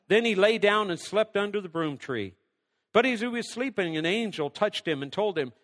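A man's voice: high-pitched, moderate pace, a bit bright, big-room sound. A man preaching a sermon, reading scripture aloud and then working through numbered points, sometimes dropping almost to a whisper. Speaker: pastor.

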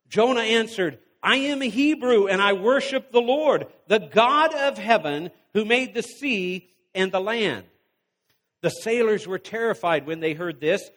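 A man with a high voice preaches, reading scripture aloud and breaking off to exhort the congregation. His voice rings with a long hall reverb. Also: animated, a bit bright. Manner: reads scripture then pauses to exhort the congregation.

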